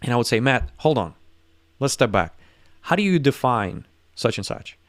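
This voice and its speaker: A man's voice: mid-range voice, sing-song, normal speed, dry recording, clean studio sound. A man co-hosting a live talk show, talking in a rambling way with many restarts and acted-out quotes. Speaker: podcast co-host. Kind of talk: casual live discussion.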